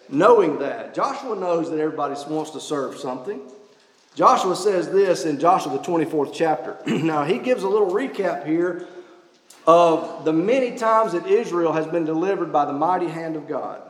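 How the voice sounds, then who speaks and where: A man preaching a sermon, emphatic and full of rhetorical questions, recorded in a church. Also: on the high side. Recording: echoey church hall.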